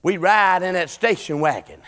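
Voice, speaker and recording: A middle-aged man preaching a sermon, swinging between shouted peaks and low, quiet passages. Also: normal speed, clean tone. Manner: shouting, rising and falling Southern preaching cadence.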